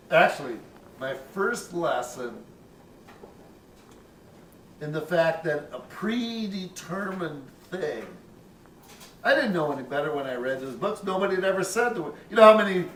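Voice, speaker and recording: A man's voice: high-pitched, a bit bright, far from the mic, slight background noise. An older man casually telling a personal story, rambling and profane, with chuckles. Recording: roomy, off-mic, faint ambience.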